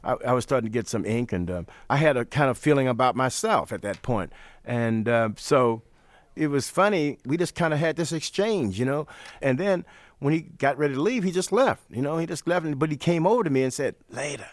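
An older man from St. Louis, telling stories as an interview guest in a relaxed manner, repeating phrases. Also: medium pitch, fairly quick, no room sound. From St. Louis, USA. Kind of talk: storytelling in an interview.

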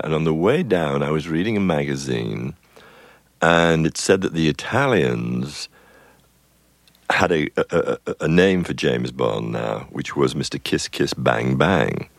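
A man's voice: rumbling low, creaky, no room sound. An older man, a film composer, telling rambling anecdotes in an interview with chuckles and self-interruptions. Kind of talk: relaxed anecdotal storytelling.

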